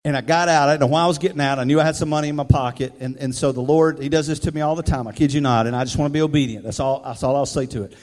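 A male pastor telling a personal story in a conversational, animated sermon style. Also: fairly high pitch, racing, hardly any pauses. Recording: reverberant hall, faint music.

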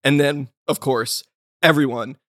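A man talking casually on a podcast, his voice sitting at an ordinary middle pitch. He rambles in loose, unpolished sentences packed with filler words and a swear here and there. The sound is close and dry, with almost no room around it. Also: fairly even intonation, measured pace, a bit bright, no room sound. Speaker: podcast co-host. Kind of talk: casual chat.

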